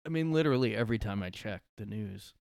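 A man's voice: lowish voice, animated, fast, gravelly, darkish tone, no echo, clean studio sound. A man hosting a solo podcast from his room, ranting sarcastically and swearing a lot. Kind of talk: casual ranting monologue.

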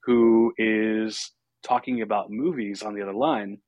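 A man's voice: on the low side, steady tone, unhurried, darkish tone, dry recording. A man hosting a podcast, casually recapping a horror film with fillers and chuckles. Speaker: podcast host.

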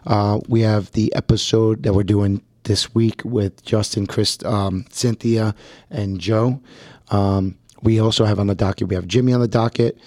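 A man's voice: lowish voice, steady tone, a little mellow, dry recording, studio quality. A man co-hosting a podcast in casual chat, often stumbling and repeating words as he starts a thought. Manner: halting, repeats words when starting sentences. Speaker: podcast co-host.

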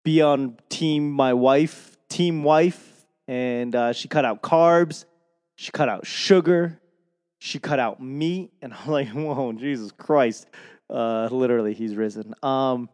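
A man's voice: medium pitch, a little mellow, smooth, long reverb tail. A man with a Boston accent rambling casually into a microphone, self-deprecating and swearing freely.

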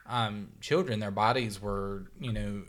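A man's voice: fairly low pitch, fairly even intonation, a little slow. A man co-hosting a podcast in casual chat, rambling and searching for his words. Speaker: podcast co-host.

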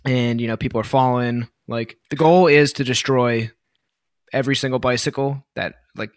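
Guy cohosting a podcast, rambly and sweary, kinda hoarse, dead dry room. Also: medium pitch, steady tone, normal speed, no room sound. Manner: loose rambling talk with many fillers and swearing. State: voice worn from yelling. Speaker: podcast co-host. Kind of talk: casual chat.

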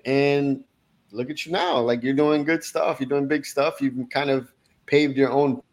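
A man's voice: medium pitch, a little slow. Male host, mid-range voice, laid-back and encouraging interview style. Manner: relaxed and encouraging, with fillers like "right?". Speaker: podcast host. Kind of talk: casual interview chat.

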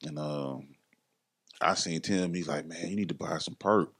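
Deep-voiced man telling a story. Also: normal speed, husky. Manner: slangy, animated, acts out quoted voices. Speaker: podcast guest. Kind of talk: casual storytelling interview.

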